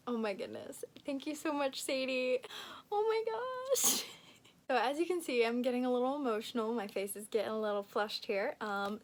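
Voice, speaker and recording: A young woman book vlogger chatting casually and gushing as she unboxes gifts, giggling often. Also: fairly high pitch.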